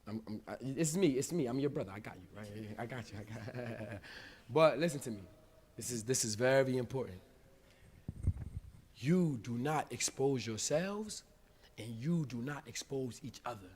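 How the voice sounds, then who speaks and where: A man from the United States preaching live in a mosque, with a mid-range voice. His talk is loose and informal, with plenty of slang. He swings from loud, punchy lines to very quiet, intimate ones. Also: medium pitch, lively intonation, normal speed, a little hiss or hum. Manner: informal street-style speech with big swings of volume. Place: mosque hall.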